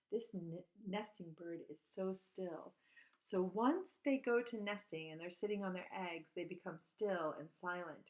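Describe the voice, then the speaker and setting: A woman teaching at an outdoor school, reading a bird picture book aloud and chatting about the birds, breaking into high bird calls and hushed whispers. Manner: shifts to hushed whisper for quiet parts.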